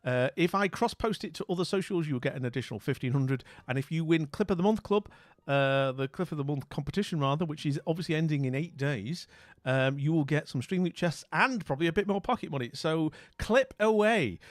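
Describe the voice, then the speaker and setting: A man's voice: on the high side, dry recording. A British man streaming live, chatting casually with his viewers, rambling and often trailing off into mumbles. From Britain. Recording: dry close recording with faint music.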